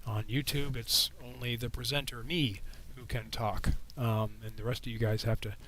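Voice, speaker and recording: A man hosting a casual livestream with a frog in his throat. He talks in a relaxed, rambling way and answers viewers' questions with a microphone right at his mouth. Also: mid-range voice, normal speed, a little hiss or hum, rough recording. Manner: relaxed, rambling, reading chat questions aloud. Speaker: astronomy livestream host. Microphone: microphone held right in front of his mouth.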